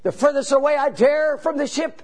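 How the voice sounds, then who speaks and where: A man's voice: very high-pitched, normal speed, pitched above the performer's own voice. A boastful showman juggler , as a preacher puts him on. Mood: showy. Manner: proud, showy. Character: boastful middle-aged male juggler, showing off.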